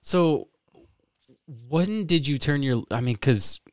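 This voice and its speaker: Smooth-voiced man hosting a podcast. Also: on the high side, animated, takes it slowly, dry recording, clean studio sound. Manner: easygoing, reacts with surprise. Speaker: podcast host. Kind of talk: interview questions.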